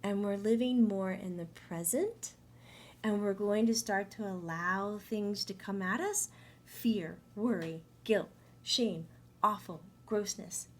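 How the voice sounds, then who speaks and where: A woman talking through a monthly spiritual energy update in a chatty, animated way, often acting out inner voices. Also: medium pitch. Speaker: medium.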